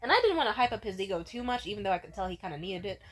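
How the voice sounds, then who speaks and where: A woman's voice: mid-range voice, big pitch swings, very fast. A young woman vlogger telling a candid, profane story in a casual way and laughing often.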